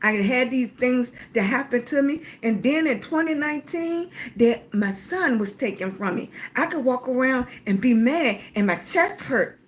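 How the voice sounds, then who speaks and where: A woman's voice: high-pitched, lively intonation, moderate pace, hardly any pauses. A middle-aged woman hosting a casual livestream, chatting freely with viewers and calling them baby, with an occasional cough. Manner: talkative, warm-hearted, calls viewers baby. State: coughing at times. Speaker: livestream host.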